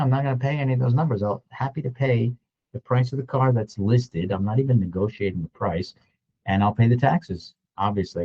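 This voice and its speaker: A man in his sixties telling a story in a casual, animated way, acting out other people's lines as he goes. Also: mid-range voice, slightly rough, highs cut off. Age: 60s. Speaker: real estate agent. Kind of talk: storytelling vlog.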